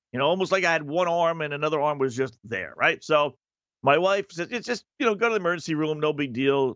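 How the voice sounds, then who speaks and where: A man's voice: a little high, sharp tone, no echo, highs cut off. A middle-aged man hosting a radio show, telling a long personal story in a chatty, self-mocking way. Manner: chatty and self-mocking, acts out quoted people. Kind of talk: casual storytelling monologue.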